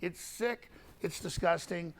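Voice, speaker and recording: A man's voice: sits high, slow pace, fairly bright tone. A man answering interview questions in a defensive, rambling way and often repeating his words. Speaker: interview guest. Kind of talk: recorded interview.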